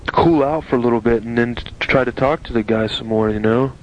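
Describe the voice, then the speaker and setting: A man's voice: medium pitch, brisk. A man in casual chat, mostly listening and answering with short, profane reactions. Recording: dull lo-fi sound with faint noise.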